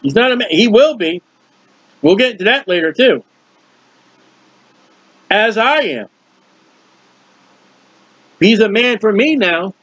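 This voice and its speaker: A man preaching a verse-by-verse Bible teaching, animated and questioning his listeners. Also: high-pitched, slow, pauses often, breathy edge, dry recording. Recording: dull lo-fi dry recording.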